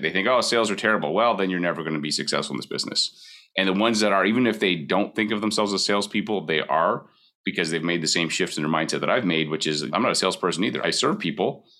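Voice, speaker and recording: A man's voice: rumbling low, bright, forceful tone. A man in his forties, a mortgage broker giving candid, conversational advice with emphatic repetition. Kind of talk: casual advice talk.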